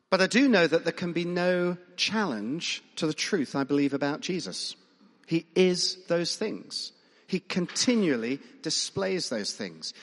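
Man preaching in a reverberant church. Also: fairly high pitch. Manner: conversational, questioning, emphatic. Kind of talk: sermon with congregation participation. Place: church hall. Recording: long reverb of a large church.

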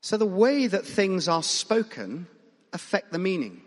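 A man's voice: high-pitched, sing-song, a little slow, a little hiss or hum. A man preaching a conversational sermon, asking the congregation questions and making emphatic points. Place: church hall. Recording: long reverb of a large church.

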